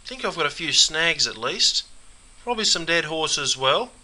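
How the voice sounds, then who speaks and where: A man's voice: fairly high pitch, sing-song, moderate pace, pushed and bright, full character voice, poor audio. A man doing a slangy Aussie bloke. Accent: Australian. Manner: broad slangy ocker drawl. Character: laid-back Aussie bloke watching cricket. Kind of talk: scripted comedy sketch.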